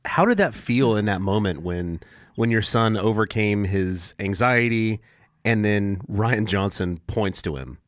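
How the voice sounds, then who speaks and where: A man hosting a podcast, casual and jokey with quick interjections. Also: on the low side, no echo, studio quality. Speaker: podcast host. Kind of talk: casual chat.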